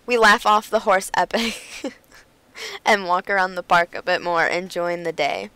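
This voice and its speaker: A woman's voice: lowish voice, measured pace, bright, forceful tone, clear, resonant tone, dry recording, rough recording. A woman playing a dating game on stream, reading the text aloud and making jokey, dramatic asides with plenty of laughs. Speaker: gamer. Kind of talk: let's play commentary and reading.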